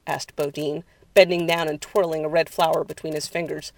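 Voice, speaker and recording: A narrator reading a horror story aloud in a measured, even way. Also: medium pitch, no room sound.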